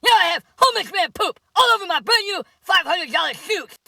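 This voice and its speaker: A woman doing a comedy sketch impression of a fussy, outraged wealthy politician, whining and yelling. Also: very high-pitched, lively intonation, brisk, creaky, no room sound, recorded from a distance, heavily acted. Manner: shouting, whiny and indignant.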